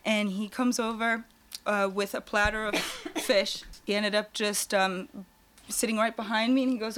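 A young woman telling a lively personal story as a guest, often laughing and acting out what people said. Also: medium pitch, moderate pace. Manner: animated, laughing, acts out quoted voices. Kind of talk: casual storytelling.

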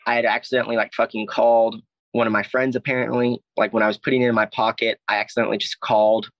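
A man's voice: medium pitch, little pitch movement, fast, no room sound, highs cut off. A young man from Alabama, telling a personal story in a casual, rambling way full of "like" and swearing. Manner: rambling, heavy "like" and "I was like", frequent swearing. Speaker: guest telling his story.

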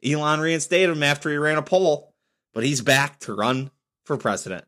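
A man's voice: on the high side, expressive, normal speed, a bit bright. A man in his thirties hosting a solo podcast, talking bluntly and getting fired up over his opinions. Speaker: podcast host. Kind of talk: casual solo podcast rant.

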